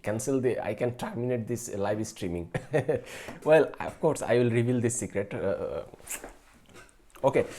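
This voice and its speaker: A man's voice: mid-range voice, darkish tone. A man in his late twenties hosting a live stream about math, answering viewers casually and hesitantly, with many fillers, restarts and chuckles. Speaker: math channel host.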